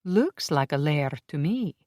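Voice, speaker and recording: An audiobook narrator voicing a sly, teasing female shapeshifter with a slow, purring drawl. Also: medium pitch, sing-song, a little mellow, no echo, studio quality.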